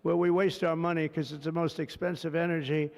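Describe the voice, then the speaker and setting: A man's voice: on the high side, little pitch movement, a little fast, gravelly, a little mellow, in a large hall. An older man giving a rambling, off-the-cuff public speech, digressive and boastful, heaping praise on people in the room. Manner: digressive, boastful, lavish with praise, asides to the crowd.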